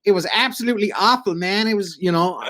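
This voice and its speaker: A middle-aged man with a Cork Irish accent, a radio broadcaster telling animated anecdotes in a casual chat and acting out the voices he quotes. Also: high voice, quick pace. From Ireland. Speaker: podcast guest, radio broadcaster.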